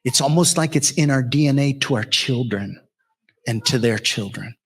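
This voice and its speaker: A man's voice: medium pitch, moderate pace, breathy edge. A middle-aged American man, a pastor, giving a personal testimony talk to an audience, telling his story earnestly and rising to preacher-like emphasis. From United States. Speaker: pastor and speaker on the Rwandan genocide.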